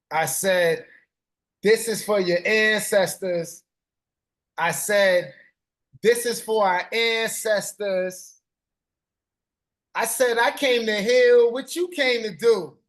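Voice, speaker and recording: A live-stream host performing spoken-word poetry in a rhythmic, chanted delivery with repeated refrains. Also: mid-range voice.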